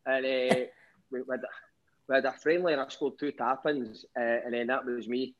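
A man's voice: mid-range voice, steady tone, moderate pace. Glaswegian man telling stories over a dull line. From Scotland. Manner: swearing, laughing, wry self-mockery. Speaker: caller. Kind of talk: casual storytelling.

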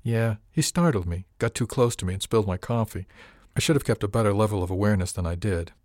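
A man's voice: lowish voice, fast, a little mellow, no echo, clean studio sound, lightly acted. A man voicing a tough, blunt woman on a ship's crew who talks casually and defiantly in an audiobook reading. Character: tough, blunt female crew member, unafraid to fight.

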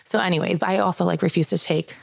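A woman in her thirties chatting casually as a podcast co-host, relaxed and trailing off with "like" fillers. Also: on the low side, fast talker, vocal fry, no room sound, studio quality. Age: 30s. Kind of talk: casual chat.

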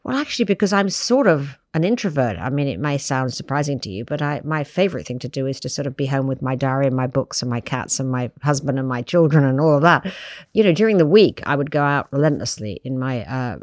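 A woman's voice: a bass voice, fast talker, no echo, clean studio sound. An older woman, a magazine editor, telling stories as an interview guest with many asides. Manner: lively storytelling, many "you know" and "I mean". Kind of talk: relaxed interview conversation.

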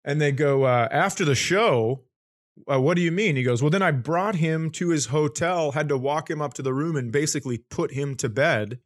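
This male comedian guest has a fairly high voice and talks at a normal speed. On a podcast he spins a lengthy, animated funny story, voicing the quoted lines himself and laughing as he goes.

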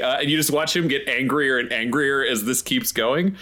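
A man playing a tabletop role-playing game, playful and quick to taunt in character. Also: mid-range voice, bright, forceful tone. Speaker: player.

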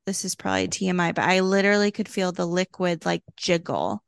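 A woman co-hosting a podcast in casual chat, chatty and quick to laugh, acting out the voices of people she quotes. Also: lowish voice, gravelly, clean tone, dry recording. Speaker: podcast co-host.

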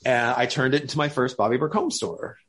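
A man, a podcast guest, telling a lively story with laughter and acted-out quotes. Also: medium pitch, fairly quick, slightly rough. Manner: animated, laughing, acts out quoted voices.

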